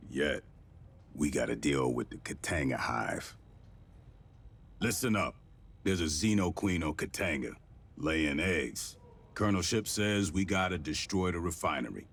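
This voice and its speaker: A man's voice: low voice, creaky, a bit bright, heavily acted. An actor playing a blunt, profane military commander briefing his troops. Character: gruff profane man, a tough marine officer.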